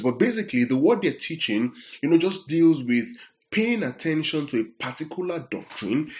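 A man preaching a sermon, explaining word meanings step by step and often asking whether his listeners are following. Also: mid-range voice. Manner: repeats "are we together?" to check the audience; explains words slowly, restating points. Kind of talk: sermon teaching.

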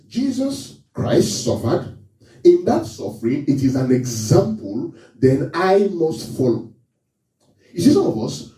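A male preacher delivers a sermon with a lively, rising and falling voice. His tone is very dark and mellow. The recording sounds echoey and a little distant, as if taken in a church hall. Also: medium pitch. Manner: animated, questioning the congregation.

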